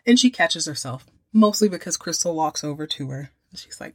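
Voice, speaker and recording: A woman with a lowish voice recaps a show episode. She keeps it chatty and slangy, with an amused edge. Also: animated, brisk, hardly any pauses, slightly rough. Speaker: podcast host.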